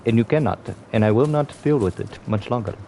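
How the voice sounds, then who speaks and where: A man putting on a mock Indian accent to voice a stern, indignant man scolding a friend, halting with filler pauses. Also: medium pitch, gravelly, warm tone, faint music behind, voice pushed up, natural voice.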